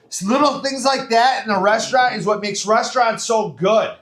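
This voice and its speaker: Give me a chatty man walking through a recipe in his kitchen, fairly high voice, echo off the walls. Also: brisk, few pauses, a bit bright. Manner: chatty, folksy, lots of fillers. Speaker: home cooking show host. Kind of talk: casual step-by-step cooking demo. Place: home kitchen.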